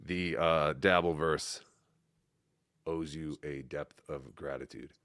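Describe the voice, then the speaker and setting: A man hosting a live show who banters in an excitable, teasing and crude way. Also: rumbling low, slow. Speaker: host. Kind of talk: casual live-stream banter.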